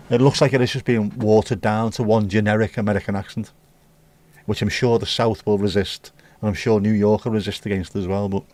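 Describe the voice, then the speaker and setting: A British livestream host with a lowish, slightly mellow voice reads viewer comments aloud and riffs on them. The stream is casual, his takes are opinionated and mildly profane, and the audio has no echo.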